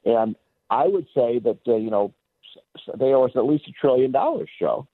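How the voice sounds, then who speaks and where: A male commentator talking on the phone, animated and insistent, with many fillers. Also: mid-range voice, normal speed, no room sound. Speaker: guest commentator. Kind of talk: opinionated phone interview. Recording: tinny phone line.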